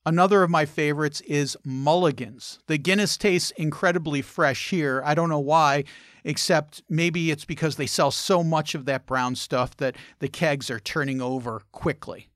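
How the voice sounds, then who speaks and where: A man's voice: fairly high pitch, moderate pace, a bit bright, no echo, clean studio sound. A man hosting a travel and food show, narrating wry anecdotes in a scripted style.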